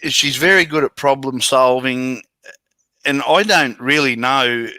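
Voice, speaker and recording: Bright-voiced Australian man, self-deprecating. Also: mid-range voice, dry recording. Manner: self-deprecating, halting with many restarts. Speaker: children's entertainer and bush poet. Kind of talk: casual interview over video call. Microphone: video call.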